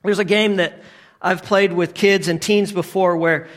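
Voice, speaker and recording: Man preaching, high voice, bright and forceful, repeated rhetorical questions, loud-to-hushed swings. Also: fairly even intonation, a little slow. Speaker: pastor. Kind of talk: sermon.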